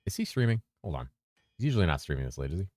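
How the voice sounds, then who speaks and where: A man streaming games, chatting loosely with his viewers in a deep, bassy voice. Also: sing-song, rapid-fire, a little mellow, no echo. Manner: rambling and loose, with bursts of laughter. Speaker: game streamer. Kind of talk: casual livestream chat answering viewers. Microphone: streaming mic through a mixer.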